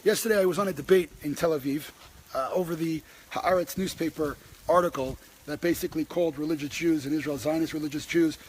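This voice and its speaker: Impassioned man with a high voice. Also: fast talker, slight background noise, low-quality recording. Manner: impassioned, many restarts, rising when stressed. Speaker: host. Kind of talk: passionate personal talk.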